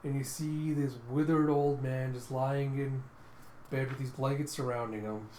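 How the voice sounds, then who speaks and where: A man narrates a comic page by page in a relaxed, animated way and mouths the sound effects as he goes. His voice is of middling pitch. The room rings a little and there is a faint hiss underneath. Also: a little slow, reverberant. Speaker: comic readthrough host. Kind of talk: casual comic readthrough narration.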